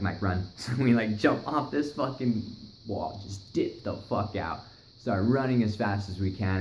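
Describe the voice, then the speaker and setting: A young man casually telling a wild story, swearing a lot and acting out what people said. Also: fairly low pitch. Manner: profane, animated, acts out other people's lines. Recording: echoey room, faint noise.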